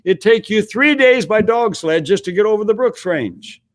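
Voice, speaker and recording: A stubborn male radio operator, put on by a man telling a story, pitched up high and swinging wildly in tone. He speaks halting, broken English and insists on every point. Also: animated. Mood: insistent.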